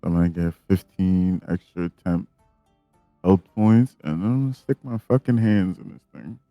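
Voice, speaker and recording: A man's voice: deep voice, moderate pace, no echo, muffled recording, faint music behind. A man playing a tabletop game, blunt and swearing freely in casual chat. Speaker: player.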